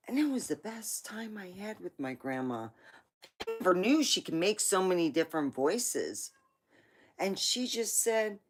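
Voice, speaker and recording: A woman hosting a livestream, telling rambling family stories in a chatty way with asides. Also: lowish voice. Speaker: livestream host. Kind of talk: casual storytelling.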